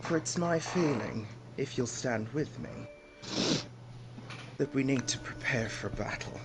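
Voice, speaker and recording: A man voicing a wounded, vengeful old witch woman who mocks and then screams in rage, over loud music. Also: mid-range voice, lively intonation, unhurried, background noise. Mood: grave, resolute. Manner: mocking, swelling into screamed rage.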